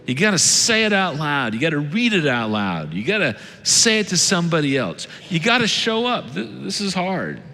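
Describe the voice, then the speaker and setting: A man preaching a sermon as lead pastor, earnest, swinging between loud urging and hushed tones. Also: fairly high pitch, big pitch swings, moderate pace, few pauses. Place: church sanctuary. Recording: reverberant church hall with soft music.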